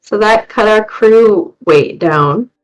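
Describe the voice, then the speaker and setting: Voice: medium pitch, slow, soft background music, low-quality recording. A tabletop player speaking as a ship's leader, giving orders to the crew. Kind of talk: tabletop game chat.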